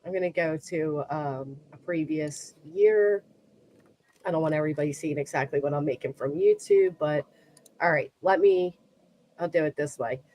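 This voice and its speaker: A woman's voice: sits low, moderate pace, warm tone. A woman YouTuber talking as a guest, self-assured as she walks through what's on her screen.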